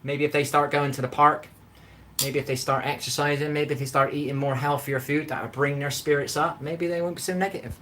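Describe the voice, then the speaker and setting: On a home-kitchen cooking livestream, a middle-aged English man with a Bristol accent chats away, greets people by name and reads out what they write. His voice is fairly high and bright with a forceful edge, fairly even in intonation and a little fast, over slight background noise.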